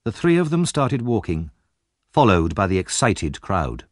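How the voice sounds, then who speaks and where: Expressive low-voiced male audiobook narrator. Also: measured pace, dry recording, studio quality. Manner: expressive, dramatic storytelling. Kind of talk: scripted narration.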